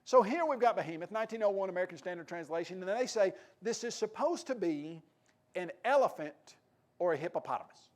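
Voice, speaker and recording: A Tennessee-accented man preaches a sermon in a fairly high voice. He talks with animated emphasis and often raises his voice for quoted lines. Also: a little fast.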